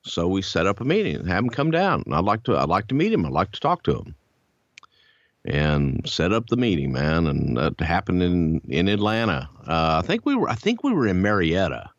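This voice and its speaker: A man's voice: normal speed, dry recording, lo-fi sound. A man hosting a podcast, telling an old story in a casual, profane way and acting out what others said. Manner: animated, profane, acts out quotes in a much higher voice. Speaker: podcast host.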